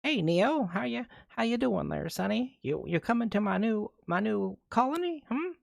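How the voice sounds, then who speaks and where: A fussy old granny coos over her grandson in a doting, sing-song way, as a man puts her on. The voice is pushed far up into a high, thin register and leans hard into a mocking caricature. It sounds close and dry, with no room around it. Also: sing-song, normal speed, creaky, no room sound, exaggerated voice. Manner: exaggerated mocking impression.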